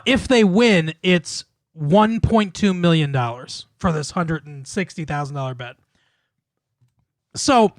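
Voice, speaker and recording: A man's voice: a little high, no echo, clean studio sound. A man in casual chat, retelling a film's plot in a rambling way, with many fillers and restarts and frequent laughs. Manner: swears casually. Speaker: podcast co-host.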